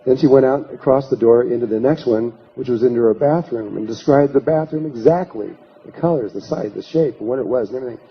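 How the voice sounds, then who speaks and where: Fast and with hardly any pauses, a medium-pitched man delivers a storytelling lecture at a workshop, narrating a long anecdote and acting out people's quoted lines with many restarts. The dull lo-fi recording has a little hiss or hum.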